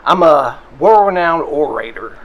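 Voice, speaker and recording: Casting: a man as a showy traveling preacher, revival cadence, slightly high voice. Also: lively intonation, measured pace, fairly bright tone, rough recording. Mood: preachy. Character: grandiose male preacher and orator. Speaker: player.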